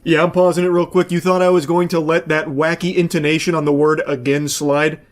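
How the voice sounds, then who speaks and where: High-pitched guy doing sarcastic sweary reaction commentary, fed up and casual. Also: flat delivery, brisk. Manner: sarcastic, profane, exasperated rants.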